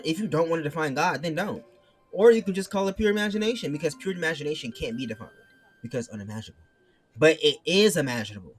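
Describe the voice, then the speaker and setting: A man's voice: on the high side, expressive, fast, soft background music. A man ranting casually to his viewers, reading chat messages aloud and arguing back, his mic turned backwards. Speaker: streamer.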